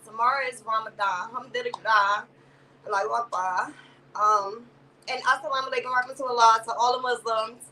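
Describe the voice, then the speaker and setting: A woman's voice: fairly high pitch, fairly even intonation, fairly quick, sharp tone, distant mic, rough recording. A woman hosting a casual live-stream commentary, rambling and profane, greeting chat viewers by name and padding her talk with "or whatever". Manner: greets chat viewers by name, calls them baby and sister. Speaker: livestream commentary host.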